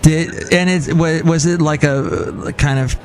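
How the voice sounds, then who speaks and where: A man's voice: a little high, steady tone, a little slow, darkish tone, faint music behind. Stammering podcast host, man. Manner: stammering, repeats words. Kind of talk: casual interview chat.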